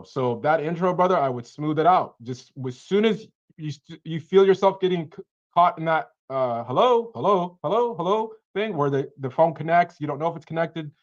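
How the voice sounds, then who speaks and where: A man coaches a cold caller in a relaxed, animated way, now and then acting out both sides of a call. His voice sits fairly high. It comes through a dull, lo-fi video call connection. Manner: animated, acts out caller and seller lines.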